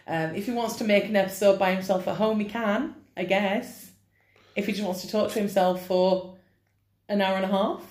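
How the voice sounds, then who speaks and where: A woman's voice: medium pitch, steady tone, normal speed, darkish tone. A woman co-hosting a casual podcast, laid-back and wry. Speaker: podcast co-host. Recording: echoey room.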